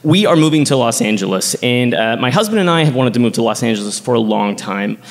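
A man from Texas telling a personal story on stage at a live show, animated and chatty, full of "like.". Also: mid-range voice, fast, in a large hall. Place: theater stage before a live audience.

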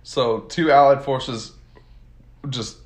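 A man's voice: medium pitch, takes it slowly. Casual male host from the US, slangy and chatty, lots of fillers; roomy, echoing sound. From United States. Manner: rambling, full of "like" and laughs, slangy. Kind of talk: casual history retelling. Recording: roomy echo.

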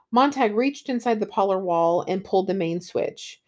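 A woman's voice: medium pitch, normal speed, few pauses, a little mellow. Eager woman talking books. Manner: enthusiastic, with fillers like um and you know. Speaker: book reviewer. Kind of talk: casual book talk and reading aloud.

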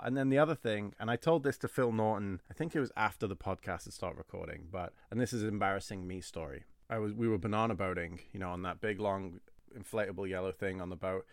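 Casting: lower-voiced male podcast host, animated storyteller, dry close sound. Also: fast, dry recording. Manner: animated storyteller, laughs often. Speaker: podcast host, former camp counselor. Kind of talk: casual storytelling chat.

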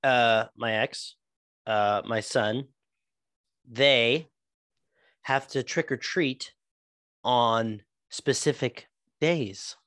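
A man's voice: medium pitch, fairly bright tone, no echo, studio quality. Rambling, cursing man on a podcast. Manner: rambling, profane, halting restarts. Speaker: podcast co-host. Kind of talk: casual podcast chat.

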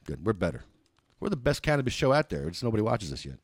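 A man hosting a casual podcast from a private house, excitable and rambling, quick to get fired up. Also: lowish voice, slightly rough, no echo, clean studio sound. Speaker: podcast host.

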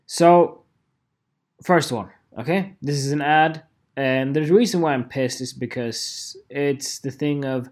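A man hosting his own photography show, ranting casually and swearing, with lots of "okay?" checks. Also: takes it slowly. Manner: animated, swearing, with lively swings in pitch and repeated "okay?". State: tired. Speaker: photography podcaster. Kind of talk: casual solo vlog rant.

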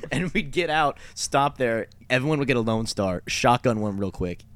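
A man's voice: mid-range voice, lively intonation, moderate pace, fairly bright tone. A young man casually telling a story, rambling with lots of fillers and swearing. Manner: rambling, many fillers and profanity. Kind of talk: casual chat.

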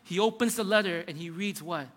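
A man's voice: high voice, brisk, a bit bright. A man preaching a sermon, retelling a Bible story dramatically and with emphasis. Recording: long hall reverb.

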